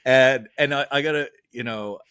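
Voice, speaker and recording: A man's voice: medium pitch, moderate pace, clear, resonant tone, no room sound, clean studio sound. A man chatting casually as a guest, telling stories from a film set and acting out the quotes with big laughs. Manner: animated storyteller, acts out quotes with a big laugh. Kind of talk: casual chat.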